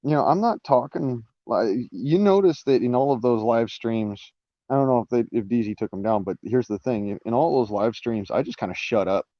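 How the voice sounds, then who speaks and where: A man's voice: medium pitch, moderate pace, no echo, muffled recording. Rambling man on a live stream. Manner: rambling, many restarts and fillers, swearing. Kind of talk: casual live-stream monologue.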